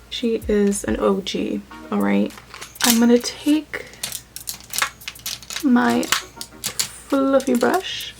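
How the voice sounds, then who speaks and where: A woman's voice: mid-range voice, gravelly, low-quality recording. A young woman chatting casually through a makeup tutorial, playful and talking to herself as she works. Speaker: beauty YouTuber.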